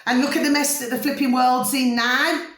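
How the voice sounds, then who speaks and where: A woman's voice: high voice, fairly even intonation, moderate pace, a bit bright. A woman talking casually to camera, chatty and always checking that the listener follows her. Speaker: vlogger. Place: room at home. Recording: echoey room.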